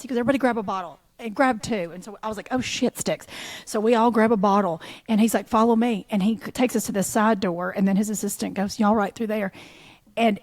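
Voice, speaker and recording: A woman's voice: medium pitch, no echo. Brief: middle-aged woman, chatty co-host, bubbly jokey storyteller, close dry mic. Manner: animated, jokey, Southern-flavored phrases like y'all and honey. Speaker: podcast co-host. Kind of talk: casual chat, storytelling.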